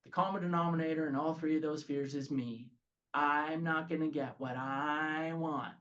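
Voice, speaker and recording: A man leading a recovery group study in a lively talk, often checking in with "okay?". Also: a little high, muffled recording. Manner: animated, says "okay?" often.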